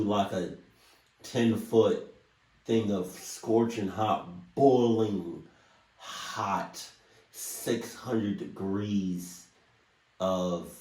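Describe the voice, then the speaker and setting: A man reacting to stories in loose, rambling commentary, his voice a touch low. He drawls slowly and trails off between jokes, and he sits back from the mic in an echoey room. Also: a little mellow. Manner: rambling, joking, trailing off mid-thought. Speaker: reaction video host. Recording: roomy, distant mic.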